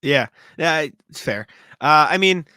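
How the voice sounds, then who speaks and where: A young man co-hosts a casual sports podcast, his voice bright and a little high for a guy. He laughs through his own stories and swears freely, recorded close and dry. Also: lively intonation, slow pace, clear, resonant tone, dry recording. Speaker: podcast co-host. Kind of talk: casual chat.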